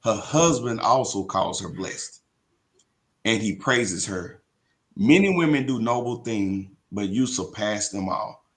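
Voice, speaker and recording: Brief: man, fairly low voice, relaxed co-host reading comments and verses on a live faith show. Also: unhurried. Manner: easygoing, reads viewer comments aloud, scripture quotes. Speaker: podcast co-host. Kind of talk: casual faith talk show chat.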